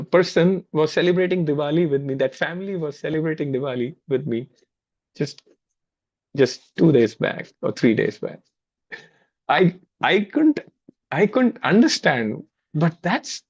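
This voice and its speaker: A man's voice: fairly high pitch, a little mellow. A man with an Indian English accent telling a personal story during a spiritual talk over a video call, conversational and repeating his words. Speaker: spiritual class speaker. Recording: dull lo-fi video call audio.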